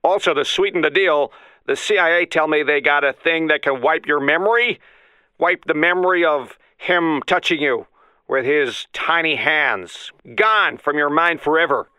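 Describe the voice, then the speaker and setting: A calm, dogged special counsel, as a man plays him makes a measured, coaxing pitch. His voice is bright and crisp. It is dry and close. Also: dry recording.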